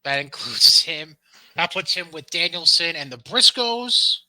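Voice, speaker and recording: Brief: brassy, bright-toned male podcast co-host, pitch swinging all over, swears freely, dry close mic. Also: a little slow, no echo. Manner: profane, teasing, lively storyteller. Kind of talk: casual wrestling podcast chat.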